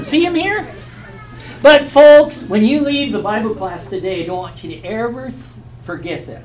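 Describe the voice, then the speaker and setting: A man's voice: very high voice, moderate pace, a bit bright. A man teaching a Bible class, telling a story with animation and quizzing his listeners. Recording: echoey, from a distance, faint hum.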